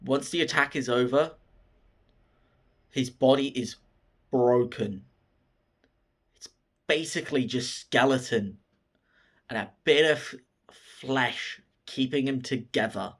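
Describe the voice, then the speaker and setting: A man recapping a favourite film in casual, profane, excited storytelling. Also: mid-range voice, slow pace, pauses often. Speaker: film reviewer.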